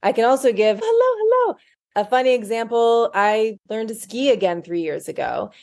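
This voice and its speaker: Woman, podcast co-host, motivational, encouraging, casual chat, average pitch. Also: fairly quick, gravelly, a little mellow. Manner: motivational, encouraging listeners directly.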